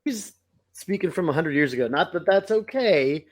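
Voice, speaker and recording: Joking man co-host, slightly high voice. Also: animated, moderate pace. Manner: joking, fond of dad jokes. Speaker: podcast co-host. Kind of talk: casual chat recapping an episode.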